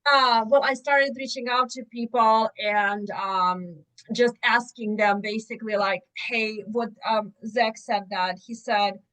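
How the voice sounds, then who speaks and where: A woman's voice: on the high side, fairly even intonation, measured pace, hardly any pauses, a bit bright, rough recording. Hesitant woman on a group call. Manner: hesitant, with many ums. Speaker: team member on a community call. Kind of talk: casual chat on a group call. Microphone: video call.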